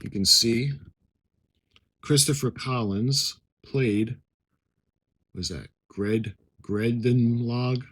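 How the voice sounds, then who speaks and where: A man's voice: mid-range voice, drawn-out words, long pauses, slightly rough, low-quality recording. A middle-aged man giving casual unboxing commentary, reading captions aloud and adding chatty asides. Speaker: model-kit unboxing vlogger.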